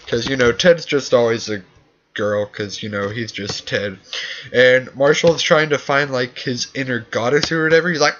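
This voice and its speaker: A man's voice: mid-range voice, fairly even intonation, moderate pace, fairly bright tone. A young man talking casually and rambling, with lots of fillers and sarcastic asides, recorded on dull lo-fi gear. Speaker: vlogger recapping a TV episode.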